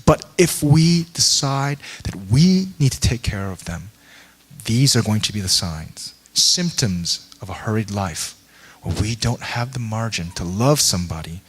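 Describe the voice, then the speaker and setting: A man's voice: fairly low pitch, expressive, moderate pace, slightly rough. A man preaching a sermon as pastor, telling a personal story earnestly and sometimes dropping to a near-whisper. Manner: earnest storytelling, acting out quoted voices, drops to a near-whisper. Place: church sanctuary.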